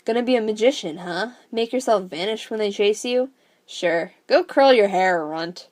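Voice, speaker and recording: A woman's voice: medium pitch, moderate pace, a little mellow, natural voice. A woman reading the lines of a scornful teenage older sister in her own voice. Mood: mocking. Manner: teasing, scornful.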